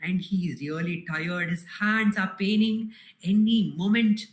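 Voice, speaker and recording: A woman's voice: medium pitch, fairly even intonation, unhurried. A woman telling a spiritual story at a gathering, earnest and repetitive with fillers. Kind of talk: storytelling talk. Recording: roomy echoey hall.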